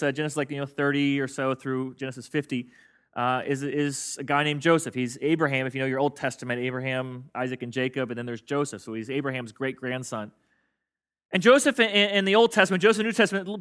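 In a church sanctuary full of worshippers, a male pastor with a bright, somewhat high voice delivers a sermon in a loose, chatty style, slipping in jokes. He draws the congregation into call-and-response, sounding easygoing and warm.

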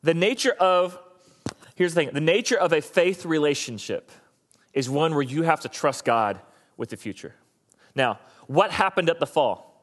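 Conversational preacher, higher-pitched man. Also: animated, normal speed. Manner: conversational, asks the congregation questions, acts out quoted voices. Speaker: pastor. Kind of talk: sermon.

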